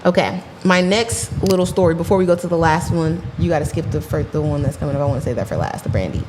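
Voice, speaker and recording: A woman's voice: sits low, fast talker, background noise. Chatty woman co-hosting a podcast. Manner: chatty, animated storyteller. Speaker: podcast co-host. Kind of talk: casual podcast chat.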